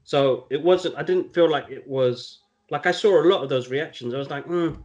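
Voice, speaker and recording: A man co-hosting a podcast who tells his stories with animated energy and swears freely as he goes. His pitch sits in the ordinary middle range. The recording has a slightly dull, lo-fi sound. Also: normal speed. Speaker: podcast co-host. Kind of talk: casual chat.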